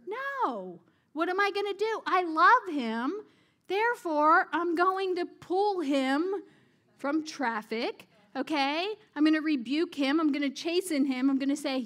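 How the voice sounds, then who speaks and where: A woman's voice: high-pitched, fairly bright tone. A woman preaching a sermon in a conversational way, often asking her listeners questions and laughing at her own jokes. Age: adult parent. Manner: conversational, asks the audience questions.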